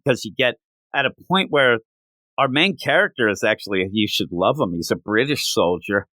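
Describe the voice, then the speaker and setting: A man co-hosting a podcast, chatting casually in an animated, rambling, joking way. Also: medium pitch, normal speed, dry recording. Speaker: podcast co-host. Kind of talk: casual chat.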